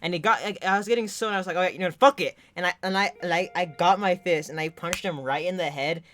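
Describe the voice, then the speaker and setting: A woman co-hosting a podcast, telling a story in casual chat with lively, profane delivery that swings from loud to quiet. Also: fast. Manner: animated, profane storytelling, shifting from loud to low. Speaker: podcast co-host.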